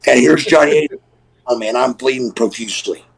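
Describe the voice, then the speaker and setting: A middle-aged man, a former wrestler, telling an animated, profane story and acting out what people said. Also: medium pitch, brisk, rough recording. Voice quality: gravelly, husky. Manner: animated, profane storyteller who acts out quoted voices. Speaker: guest, former pro wrestler. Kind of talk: casual storytelling on a live stream.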